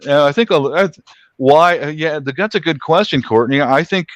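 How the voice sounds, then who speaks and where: A man on a talk panel telling a personal story in casual chat, retelling events with animated energy. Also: on the high side, normal speed, dry recording.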